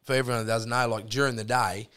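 A man's voice: medium pitch, fairly even intonation, fast, a bit bright, smooth. An Australian man, a podcast guest, telling long rambling stories in casual chat, full of swearing and fillers.

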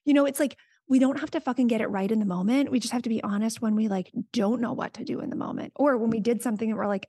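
A woman guest on a podcast talks frankly and casually, cursing often and slipping into quick acted-out quotes. Her voice sits fairly high, and the sound is close and dry. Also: darkish tone, breathy edge, no room sound. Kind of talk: candid casual chat.

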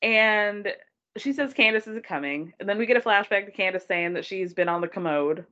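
A woman's voice: medium pitch, brisk, lo-fi sound. A woman co-hosting a casual chat, recapping a show and acting out quotes with lots of laughter. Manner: animated, quotes people in put-on voices, laughs often. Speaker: podcast co-host recapping a reality show.

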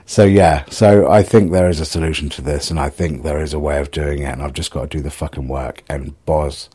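A man's voice: very deep voice, fairly even intonation, fairly quick, warm tone, slightly rough. A middle-aged man, rambling in a casual solo video diary, self-mocking and sweary. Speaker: vlogger.

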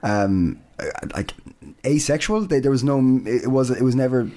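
An Irish man co-hosting a podcast in casual chat, halting and full of restarts. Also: mid-range voice. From Ireland. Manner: animated, halting, lots of restarts and fillers. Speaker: podcast co-host.

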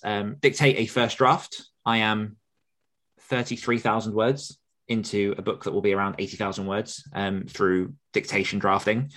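Guy cohosting a podcast, lowish voice, laid back, rambles with lots of ums and likes. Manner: relaxed, rambling, lots of fillers. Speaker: podcast co-host. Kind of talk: casual podcast chat.

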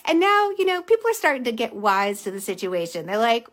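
A woman hosting a casual motivational livestream, telling stories animatedly and dropping to a soft hush on key points. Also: on the high side, fairly quick, few pauses. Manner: animated storytelling with acted-out quotes. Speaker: live stream host, empath coach.

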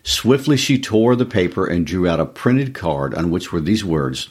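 A man reading a short story aloud with expressive, measured storytelling. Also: deep voice, breathy edge. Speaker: story reader.

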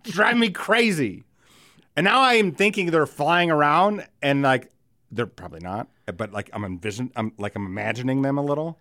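Animated, rambling podcast guy. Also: fairly high pitch, normal speed, no room sound, clean studio sound. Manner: rambling, profane, laughs often. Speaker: podcast co-host. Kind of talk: casual chat.

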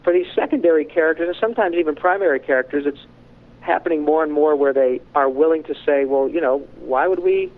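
A middle-aged voice actor telling frank, animated stories in an interview. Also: male voice, fairly high pitch, quick pace. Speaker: voice actor guest. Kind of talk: candid storytelling in conversation. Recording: tinny phone-like line.

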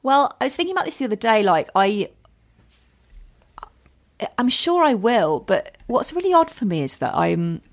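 A woman's voice: on the high side, sing-song, moderate pace, long pauses. An English woman in her forties, a comedian and author chatting as a podcast guest, laughing often and poking fun at herself. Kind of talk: casual podcast chat.

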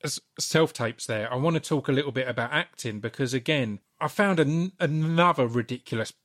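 Male host, mid-pitch voice, relaxed interviewer with easygoing, encouraging questions. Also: brisk. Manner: encouraging, asks rambling questions. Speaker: podcast host. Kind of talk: casual interview.

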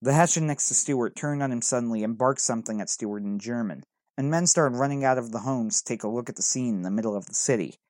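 A man's voice: mid-range voice, fast, a little mellow, no echo, studio quality. A man reading a first-person adventure story aloud in an earnest, dramatic way. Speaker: narrator.

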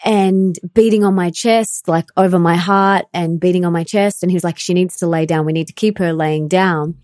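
Soft-spoken earnest woman, mellow voice. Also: lowish voice, steady tone, moderate pace, no room sound, clean studio sound. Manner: earnest, emotional, many fillers like "like". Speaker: podcast host. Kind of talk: personal storytelling conversation.

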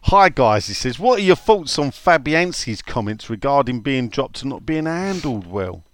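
A man hosts a casual podcast, reading listener questions aloud and telling funny stories while laughing often. His medium-pitched voice is sing-song and fairly bright at normal speed, recorded dry.

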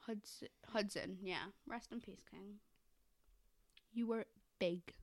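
A young woman co-hosting a casual podcast chat, giggly and animated, laughing often. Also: mid-range voice, slow pace, no echo. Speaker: podcast co-host.

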